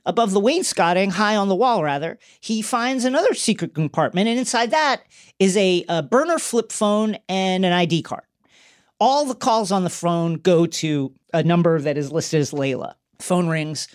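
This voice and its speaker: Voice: mid-range voice, expressive, normal speed. A podcast host casually recapping a TV episode in a loose, chatty way, with fillers and the odd swear word.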